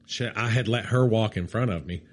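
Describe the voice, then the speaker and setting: A middle-aged man co-hosting a casual chat, telling an animated story, acting out what people said and laughing often. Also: fairly low pitch, a little fast. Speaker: podcast co-host.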